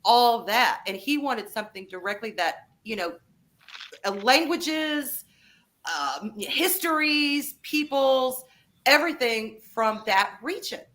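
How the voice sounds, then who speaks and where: A woman hosting a casual podcast chat, talking in an animated, emphatic way and swearing freely. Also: fairly high pitch, slow. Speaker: podcast host.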